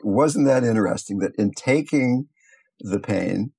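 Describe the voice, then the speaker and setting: An older man, a meditation teacher, giving a gentle, thoughtful talk and telling stories along the way. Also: lowish voice, lively intonation, unhurried, gravelly, breathy edge. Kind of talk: reflective talk with storytelling.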